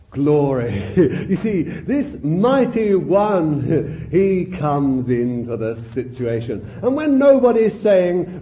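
Male preacher, sermon delivery, high and lively voice, fervent and exclaiming; tinny phone-like old tape. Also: takes it slowly, a little hiss or hum.

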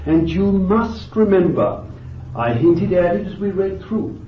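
A man preaching a sermon with fervent emphasis, moving between loud bursts and quiet asides, thinking aloud with restarts and "you see.". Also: high voice, expressive, unhurried, far from the mic, a little hiss or hum. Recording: dull, lo-fi, echoey and off-mic.

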